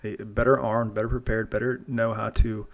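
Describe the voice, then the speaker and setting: A man's voice: lowish voice, flat delivery, normal speed. Rambling, earnest male podcast host. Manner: rambling, restarts and repeats words, earnest. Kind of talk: casual monologue.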